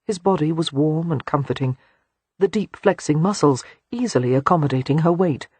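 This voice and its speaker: A man narrating a romance audiobook in an expressive storytelling manner. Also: on the high side, moderate pace, breathy edge, dry recording.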